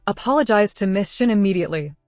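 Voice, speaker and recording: A woman's voice: medium pitch, lively intonation, fast talker, darkish tone, no echo, clean studio sound, faint music behind, lightly acted. A woman voicing a flustered middle-aged orphanage director in a scolding manner.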